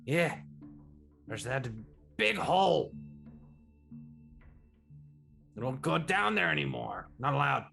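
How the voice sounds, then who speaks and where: A skittish little blue-skinned gnome miner with a high, squeaky voice, blurting out every word, as a man puts him on. The tone is bright and sharp, and the pitch jumps well above the man's normal voice. It is a fantasy tabletop game. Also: very animated, measured pace, vocal fry, faint music behind, full character voice. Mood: nervous.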